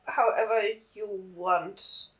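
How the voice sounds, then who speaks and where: A woman co-hosting a casual podcast, speaking slowly and teasing with giggles. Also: mid-range voice, echoey room. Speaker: podcast co-host and writer. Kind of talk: casual chat and group reading.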